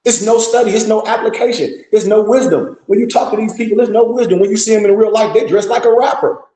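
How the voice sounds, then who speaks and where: Guy ranting at the crowd, blunt and cussing, bit high and mellow, echoey room. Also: steady tone, fast. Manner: blunt, profane, scolding. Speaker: host of a live discussion. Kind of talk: impassioned lecture-style talk.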